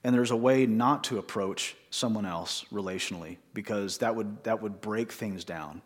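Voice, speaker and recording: A man's voice: fairly low pitch, moderate pace. A man preaching a sermon in church, conversational, with many rhetorical questions to the congregation. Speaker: pastor.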